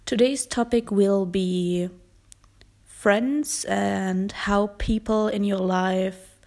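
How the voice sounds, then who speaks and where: A young woman hosts her own podcast with a noticeable German accent. She talks slowly and thoughtfully at a middle pitch, pausing often to find her words. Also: gravelly, a little mellow. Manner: slow, thoughtful, pauses and hesitations. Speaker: podcast host. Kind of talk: casual solo podcast talk.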